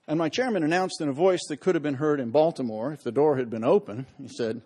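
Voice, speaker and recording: A man's voice: a little high, quick pace, slightly rough. A man giving a humorous public lecture as a historian, telling anecdotes with self-deprecating humor and acting out the voices in his stories. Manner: acts out quoted voices loudly.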